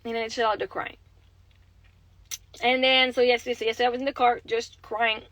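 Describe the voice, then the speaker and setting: A woman's voice: a little high, flat delivery, fairly quick, a bit bright, dry recording, poor audio. A young adult woman with a Québécois French accent, chatting candidly on a phone livestream, rambling and swearing freely. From Quebec, Canada. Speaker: livestreaming mother. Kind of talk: casual livestream chat.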